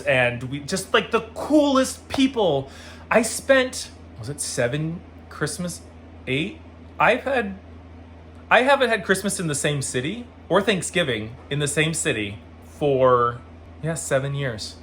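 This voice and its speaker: Brief: animated male vlogger, a bit high-pitched, faint room hiss. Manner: animated, acts out quoted voices, frequent "like" fillers. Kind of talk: casual storytelling vlog.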